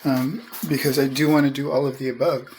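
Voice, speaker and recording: A man's voice: mid-range voice, little pitch movement, brisk, darkish tone, a little hiss or hum. A man, a poet and musician, talking in an earnest, rambling way with hesitant restarts as he asks for advice. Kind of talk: casual spoken request.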